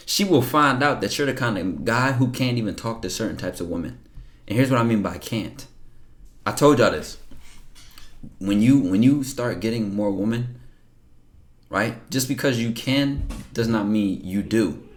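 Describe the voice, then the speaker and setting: A man's voice: mid-range voice, animated, moderate pace. A man casually reacting to viewer messages on a livestream, blunt and profane, lecturing his chat.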